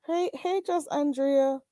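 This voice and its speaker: A woman's voice: high-pitched, warm tone, dry recording, low-quality recording. A woman with a Jamaican accent hosting a casual livestream, greeting viewers by name and speaking bluntly and sassily. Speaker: livestream host.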